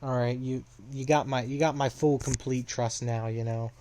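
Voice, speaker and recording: A man's voice: mid-range voice, fairly even intonation, normal speed, a little mellow, slight background noise, close to an everyday voice. A man quoting a hotheaded young male hitman while retelling a story, blurting and agitated. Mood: earnest.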